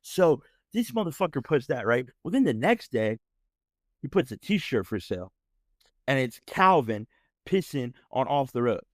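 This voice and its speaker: A man in the middle of a heated, profane story rant on his podcast, his voice sitting at an ordinary middle pitch. He keeps looping back with quick "right?" asides. The sound is dry and close, with no room around it. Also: very animated, no room sound. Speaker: podcast host. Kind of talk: ranting storytelling.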